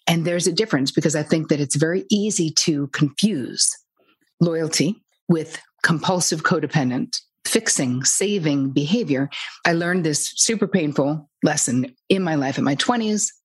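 A woman guest talking about codependency in a blunt, lively, casual way, sometimes swearing lightly. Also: low-pitched, moderate pace, breathy edge. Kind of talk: casual storytelling interview.

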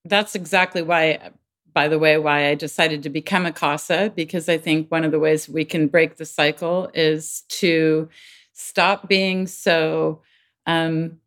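A woman with a notably low voice talks earnestly in a relaxed interview. She is middle-aged and animated, breaking into high, sing-song quoted voices before dropping back to her low, steady register. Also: unhurried. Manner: earnest, acts out quoted voices with big pitch jumps. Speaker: podcast guest, child advocate. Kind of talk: conversational interview talk.

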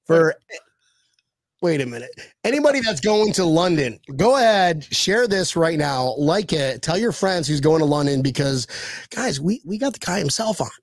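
Man hosting podcast, higher voice, rambling and excitable, dry close sound. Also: moderate pace, no echo. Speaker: podcast host.

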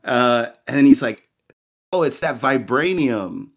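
A man's voice: mid-range voice, lively intonation, slow pace. A man co-hosting a podcast, telling a rambling anecdote in casual chat with lots of fillers. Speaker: podcast co-host.

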